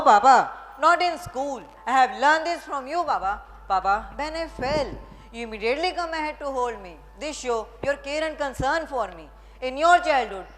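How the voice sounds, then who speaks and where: A woman's voice: high-pitched, a bit bright. A young woman playing a schoolboy who scolds his father, then speaks earnestly, in a school stage play. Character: rude schoolboy son, later wise. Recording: echoey hall with music.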